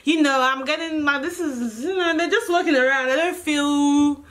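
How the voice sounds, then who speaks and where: Young woman vlogger, high voice, lively casual storytelling, unfiltered language. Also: normal speed. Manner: animated and expressive, swearing freely.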